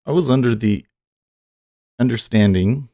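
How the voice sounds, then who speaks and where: A man's voice: medium pitch, measured pace, warm tone, dry recording, studio quality. A man hosting a live day-trading stream, chatting casually and rambling as he reads viewer comments aloud. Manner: rambling, self-deprecating, reads chat aloud. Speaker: day trading livestream host.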